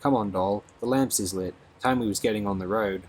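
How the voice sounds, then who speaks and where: A man's voice: lowish voice, brisk, close to an everyday voice. A man voicing a cheerful, good-natured young woman with a thick South London accent, chatty and breezy. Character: cheerful young Cockney girl in finery.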